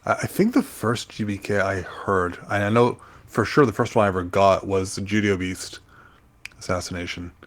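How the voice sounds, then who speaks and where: Man, low register, podcast co-host, casual and halting, lots of ums. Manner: halting, many fillers while recalling names. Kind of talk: casual chat.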